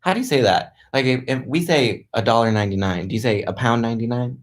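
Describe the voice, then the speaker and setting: A man's voice: mid-range voice, quick pace. A young man chatting loosely through a live stream from a friend's house, filling his talk with "like" and stopping to restart his sentences. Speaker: livestreaming vlogger. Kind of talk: casual live-stream chat reading comments.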